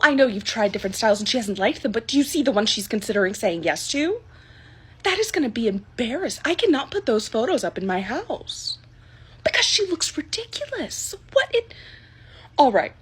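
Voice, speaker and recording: A woman's voice: high-pitched, slightly rough, exaggerated voice. A young woman playing an entitled, demanding middle-aged woman customer who talks indignantly and stumbles over restarts.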